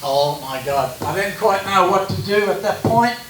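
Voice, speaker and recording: Expressive and a bit bright, this high-sitting male voice belongs to an Australian guest speaker at a church gathering, who chats and jokes through a personal talk at a moderate pace. The room echoes, the mic is distant, and there's faint hiss.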